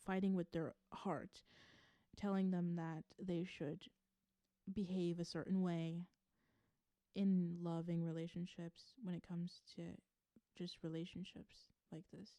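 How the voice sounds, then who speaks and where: A woman's voice: fairly low pitch, level tone, a little slow, mellow, dry recording. A woman giving a casual tarot reading to camera, musing aloud in a chatty way and laughing often. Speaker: tarot reader.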